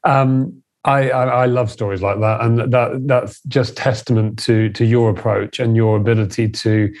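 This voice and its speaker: A man's voice: medium pitch, steady tone, moderate pace, darkish tone. A man hosting an interview, encouraging and chatty, asking questions with frequent restarts. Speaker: host. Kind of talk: podcast interview.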